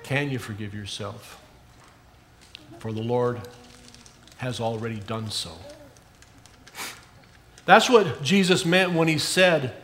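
A man preaching a sermon in an earnest way, rising for emphasis and dropping soft at the ends of phrases. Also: medium pitch, slow, long pauses.

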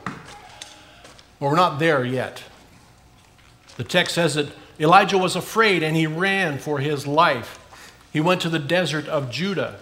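A man preaching a sermon in an earnest way, rising for emphasis and dropping soft at the ends of phrases. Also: on the high side, slow pace, long pauses.

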